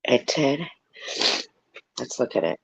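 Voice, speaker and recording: Gravelly, sentimental woman vlogging. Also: rumbling low, animated, takes it slowly, no echo, rough recording. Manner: sentimental, rambling, self-explaining. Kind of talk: casual vlog, reading a children's book aloud.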